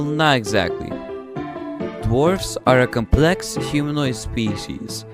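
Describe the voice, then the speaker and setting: A man narrating a scripted explainer for a school project, deliberate and wry, with playful pauses. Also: mid-range voice. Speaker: student presenter.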